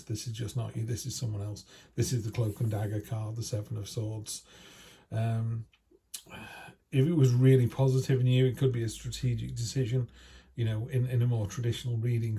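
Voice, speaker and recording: A British man with a fairly low, dark voice and some vocal fry gives his viewers a weekly tarot reading. He keeps it chatty and down-to-earth, tossing in slangy asides, with slight background noise in the recording.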